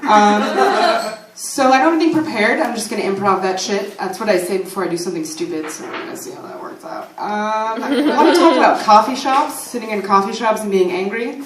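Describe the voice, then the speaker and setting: A woman's voice: mid-range voice, expressive, fairly quick, background noise. A woman in her twenties doing loose, improvised open-mic stand-up, rambling and swearing freely on a small comedy stage. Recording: echoey room, mic at a distance.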